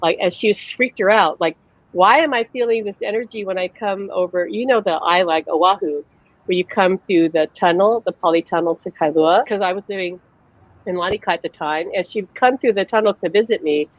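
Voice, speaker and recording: A woman's voice: fairly low pitch, a little fast, highs cut off. A woman, a psychic medium hosting a live online chat, tells personal stories casually, acting out the voices she quotes and using lots of "like" fillers. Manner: chatty, acts out quoted voices, many "like" fillers. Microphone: video call.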